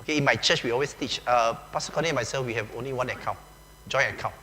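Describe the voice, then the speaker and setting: A man with a Malaysian English accent preaches in a loose, joking, conversational way, peppering his talk with "okay" and "lah". His tone is bright and forceful. The sound carries a long echo from a large church hall, with a faint hum underneath. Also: medium pitch, rapid-fire. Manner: chatty and joking, often says "okay", uses "lah" and "ah". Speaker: pastor. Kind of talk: conversational sermon.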